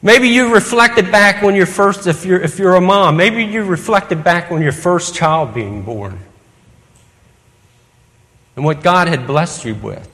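A man's voice: sits high, a little slow, a bit bright. A man preaching an evening sermon, earnest, putting question after question to the congregation. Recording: long reverb of a hall.

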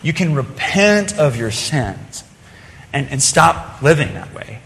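A man's voice: medium pitch, very animated, slow pace, creaky, fairly bright tone. A man preaching a sermon in church, earnest and plain-spoken, with frequent restarts as he tells a story. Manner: earnest, rising and falling delivery with restarts. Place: church sanctuary. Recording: long reverb of a hall.

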